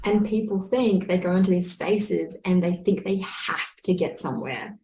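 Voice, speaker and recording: A woman with a lowish voice explains her ideas in an earnest, encouraging way. She sounds like a teacher talking things through in casual conversation, and the room around her is echoey. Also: animated, normal speed, darkish tone. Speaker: breathwork teacher.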